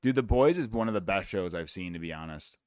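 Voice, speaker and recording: Laid-back swearing streamer, low voice. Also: male voice, expressive, fast, no echo, studio quality. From United States. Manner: profane, rambling, laid-back. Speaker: streamer hosting a fight watch-along. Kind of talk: casual chat.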